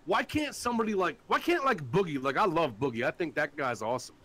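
A man with a high, bright voice rants on a live call-in show. His pitch swings widely as he swears constantly and mocks people in put-on voices. He sounds angry and scornful. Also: animated, fast. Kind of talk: profane ranting chat.

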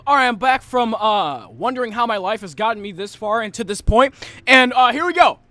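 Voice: medium pitch, lively intonation, brisk, pushed and bright, no echo. A gamer doing let's play commentary on a horror game, panicky, repeating phrases and yelping at the screen.

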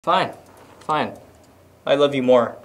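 A man hosting a gaming video, commentating with loud, playful exclamations and goofy banter. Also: medium pitch, slow. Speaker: gaming host.

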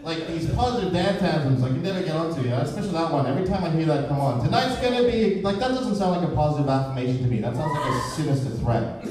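A man's voice: on the high side, racing, few pauses, noisy background. A man doing a stand-up comedy set, rambling and sardonic in his observations. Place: live comedy venue, indoors. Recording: echoey live room, distant mic, crowd. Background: audience laughter.

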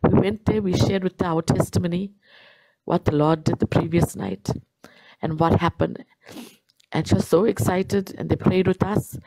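A woman's voice: on the low side, fairly even intonation, moderate pace, dark tone, no room sound, rough recording. A woman telling her personal faith testimony in an earnest way, repeating herself for emphasis. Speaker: guest sharing a testimony.

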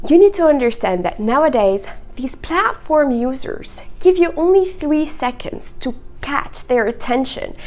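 A young woman teaching English to camera in an expressive, playful video lesson. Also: high-pitched, measured pace, hardly any pauses. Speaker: English teacher and content creator.

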